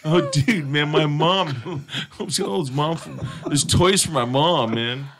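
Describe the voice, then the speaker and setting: A man's voice: fairly high pitch, a little slow, a bit bright. A man hosting an internet radio show, chatting casually with his co-hosts, laughing often, rambling and swearing freely. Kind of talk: casual chat.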